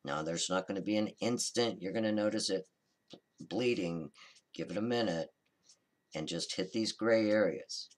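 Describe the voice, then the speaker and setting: A man hosting a card-making tutorial, talking through a coloring demonstration in a relaxed, chatty, reassuring way and often correcting himself mid-sentence. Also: low-pitched, normal speed. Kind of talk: casual step-by-step crafting demonstration.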